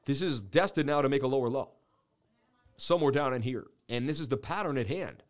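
A man's voice: mid-range voice, fairly quick, soft background music. A man in his thirties hosting a crypto trading livestream, rambling through charts in casual chat and laughing at his own jokes.

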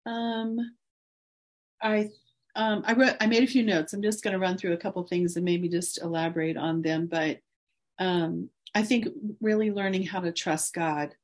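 A woman in her forties, a guest in an interview, speaking earnestly and encouragingly about her faith with soft laughs. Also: fairly low pitch, steady tone, normal speed.

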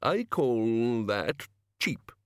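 A man's voice: medium pitch, very animated, drawn-out words, clean tone, dry recording, studio quality. A man voicing a muddled, petty old male wizard who mutters petulantly.

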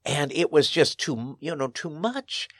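A man's voice: fairly high pitch, animated, a little slow, fairly bright tone, dry recording, studio quality. A man, a pastor, telling stories in an interview in an earnest, emphatic way, his voice rising sharply on key phrases. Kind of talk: storytelling interview.

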